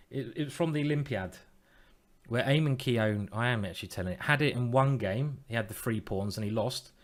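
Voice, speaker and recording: A man's voice: mid-range voice, normal speed. A man streaming online chess, thinking aloud in a playful, self-mocking way and teasing his opponent.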